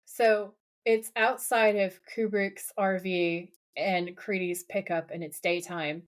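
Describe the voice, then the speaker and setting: A woman co-hosting a podcast in casual chat, recapping a TV episode with lively, laughing quotes of the characters. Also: medium pitch, slow. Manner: animated, laughing, quoting characters in playful voices.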